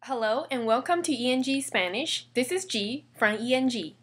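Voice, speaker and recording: A woman with a somewhat high voice hosts an online language lesson. She is patient and steady, repeating examples and spelling out each rule step by step. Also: moderate pace. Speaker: Spanish teacher.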